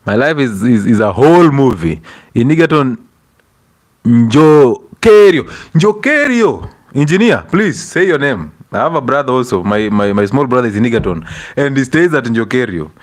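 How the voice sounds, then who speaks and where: A man's voice: medium pitch, very animated, brisk. A young Kenyan man hosting a casual livestream, greeting viewers by name, breaking into Swahili and laughing often between stories. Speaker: livestream host.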